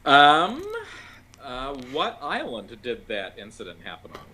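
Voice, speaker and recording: Slow, deliberate male guest author. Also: mid-range voice, huge pitch swings, bright, forceful tone, low-quality recording. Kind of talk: casual live show chat.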